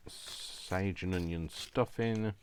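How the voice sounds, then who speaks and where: A man's voice: low-pitched, takes it slowly, a little hiss or hum. A man chatting casually while he crafts at home, rambling with self-deprecating asides. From not from Yorkshire, lives there now. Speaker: crafting vlogger.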